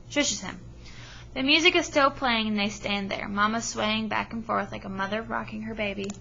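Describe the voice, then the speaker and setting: A woman's voice: mid-range voice, vocal fry, bright, forceful tone, dull audio, a little hiss or hum. A woman teacher reading a story aloud with expression and stopping to ask her listeners questions. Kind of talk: read-aloud lesson with comprehension questions.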